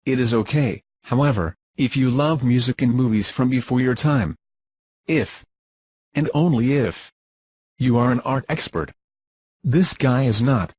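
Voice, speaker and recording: Man, husky voice, scornful, dismissive, dry close recording. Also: medium pitch, unhurried, darkish tone, no echo. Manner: scornful, dismissive, formal wording. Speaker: commentator being rebutted. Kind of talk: scripted insult commentary.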